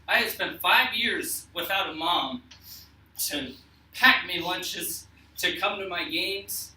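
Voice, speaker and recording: A young man telling a personal story to an audience, earnest and emotional, with halting restarts. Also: sits high, animated, pushed and bright, reverberant, recorded from a distance, slight background noise, poor audio.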